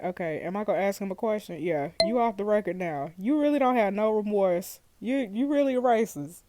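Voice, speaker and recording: A woman playing a story game and reacting out loud to viewers, loud and animated, laughing often. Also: mid-range voice, brisk, background noise. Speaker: gaming video host.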